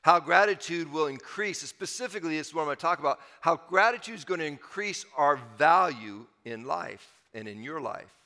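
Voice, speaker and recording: A man's voice: fairly high pitch, expressive, a little fast, hardly any pauses, bright, forceful tone, in a large hall. A man preaching a sermon as pastor, emphatic and repeating his key phrases for the congregation.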